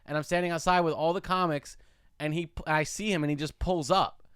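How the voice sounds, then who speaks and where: A young man co-hosting a comedy podcast, rattling off a story at a quick clip in an animated, casual way. His voice is clean and clear, with a bit of lift in pitch, and the recording is dry and close with no room sound. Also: no echo. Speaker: podcast co-host. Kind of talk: casual chat.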